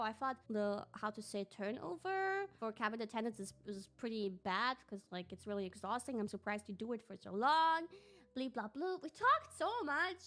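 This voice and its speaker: Bright high-pitched woman streamer. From Austria. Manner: animated and giggly, with lots of "like" fillers. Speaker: livestream host. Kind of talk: casual livestream storytelling.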